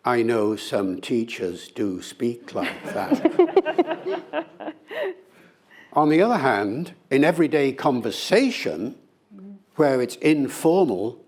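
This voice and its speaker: An older man, a linguist being interviewed, answering in a lively, conversational way with playful demonstrations. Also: mid-range voice, a little slow, slightly rough.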